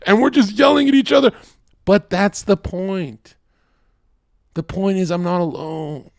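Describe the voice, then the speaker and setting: A man ranting in a profane, loud debate-stream style, acting out voices as he tells stories. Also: sits high, unhurried, gravelly, dry recording, studio quality. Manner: profane, loud, acts out voices mid-story. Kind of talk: heated rant in a debate stream.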